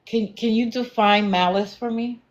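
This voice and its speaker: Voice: medium pitch, fairly even intonation, moderate pace, muffled recording. A livestream host talking back to viewers in the comments, challenging and sarcastic.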